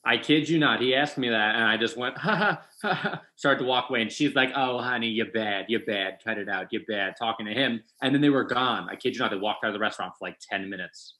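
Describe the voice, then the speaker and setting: A man's voice: on the low side, fast, hardly any pauses, rough recording. A young man with a New York accent, a comedian guest telling funny stories in casual chat and acting out the voices of the people in them. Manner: animated, acts out voices in his stories.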